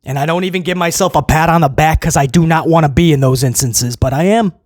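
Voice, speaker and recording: A man's voice: fairly high pitch, fast talker, a little mellow, no room sound, clean studio sound. A man giving a casual spoken review of a wrestling show, blunt and emphatic, piling up repeated phrases.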